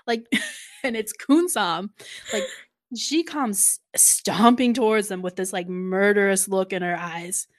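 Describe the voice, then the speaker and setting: A woman co-hosting a podcast, recapping an episode in casual chat. She talks at a middling pitch and keeps things animated, swearing freely and acting out the lines she quotes. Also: takes it slowly. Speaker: podcast co-host.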